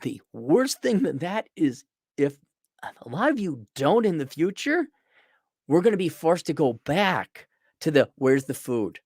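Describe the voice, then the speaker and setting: A man's voice: fairly high pitch, big pitch swings, measured pace, a little mellow, breathy edge, no room sound, clean studio sound. A middle-aged man delivering a sarcastic, ranting opinion monologue as a podcast host. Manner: sarcastic, ranting, mocking voices.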